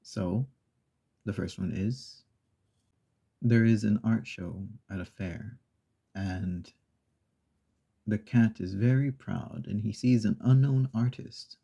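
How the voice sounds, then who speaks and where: An ASMR channel host drifts through a children's story in a soft, unhurried way, with pauses, fillers, and small asides. His low, dark voice carries lots of gravelly fry and a breathy, husky grain.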